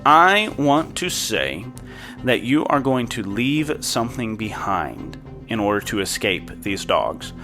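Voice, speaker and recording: A man's voice: mid-range voice, very animated, slow pace, bright, forceful tone, soft background music. A man narrating as game master of a tabletop role-playing game, describing scenes in an easygoing, descriptive way.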